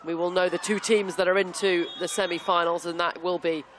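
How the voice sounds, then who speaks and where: A woman giving brisk live football commentary with jokey asides. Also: fairly low pitch, little pitch movement, a little hiss or hum. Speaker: play-by-play commentator.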